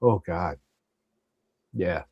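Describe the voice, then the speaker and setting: A man's voice: deep voice, drawn-out words, vocal fry, no echo, dull audio. Blunt wisecracking man, dry sound. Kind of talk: casual livestream chat.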